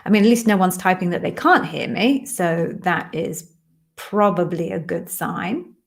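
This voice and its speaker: A middle-aged woman hosts a live Q&A stream as an interview coach. She talks in a chatty, friendly way and often slips in quick apologetic asides. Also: lowish voice, creaky.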